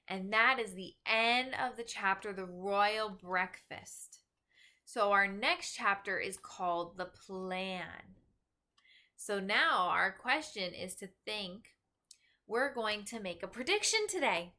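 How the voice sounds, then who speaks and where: A woman's voice: mid-range voice, a little slow, pushed and bright. A woman teacher reading a children's book aloud and explaining to her students. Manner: clear storytelling, then explaining to students.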